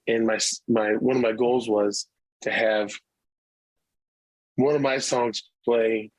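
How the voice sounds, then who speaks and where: A man's voice: mid-range voice, steady tone, takes it slowly, no echo, low-quality recording. A middle-aged male musician telling stories in a casual interview, rambling with many restarts. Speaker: musician guest.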